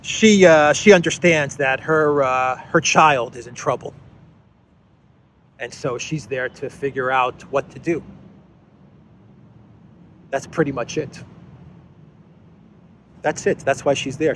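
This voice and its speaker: A man's voice: mid-range voice, a little slow, long pauses, fairly bright tone, slight background noise. A man hosting a casual news commentary, talking in a sarcastic, mocking way with frequent hesitations and fillers. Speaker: host of a political commentary channel.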